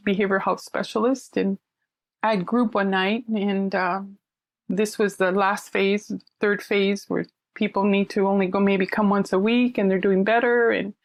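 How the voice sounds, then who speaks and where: A middle-aged woman, a counselor, telling stories in casual conversation and acting out quoted voices with lively animation. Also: medium pitch, no room sound. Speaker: counselor sharing her story. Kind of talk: conversational storytelling.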